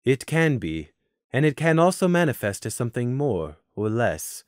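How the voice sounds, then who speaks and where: A man's voice: medium pitch, big pitch swings, normal speed, no echo, clean studio sound, close to an everyday voice. A man voicing a formal, polite male stag guide who speaks courteously in old-fashioned phrasing. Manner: courteous, archaic formal speech.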